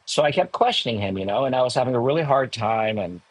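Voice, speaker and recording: A man in his sixties, a podcast guest, telling a personal story candidly, emotional and animated with self-mocking asides. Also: mid-range voice, quick pace, slightly rough, dry recording, poor audio. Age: 60s. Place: home in the hills above a large city.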